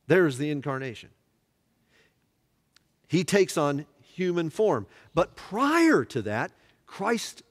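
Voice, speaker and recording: Man teaching in an echoing church. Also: fairly high pitch. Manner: asks the class questions and has them fill in words. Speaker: Bible study teacher. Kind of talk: church Bible study teaching.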